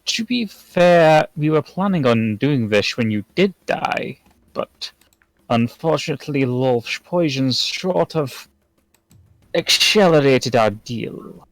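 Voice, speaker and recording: A man narrating a tabletop game as game master, in a measured, formal way. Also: medium pitch, animated, no echo, rough recording.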